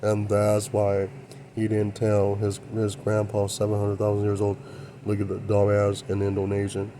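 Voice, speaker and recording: A man's voice: on the low side, monotone, moderate pace, mellow, a little hiss or hum. A man hosting his own channel, talking in a rambling monologue and often repeating short affirmations. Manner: rambling, repeats "yeah, that's true". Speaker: channel host.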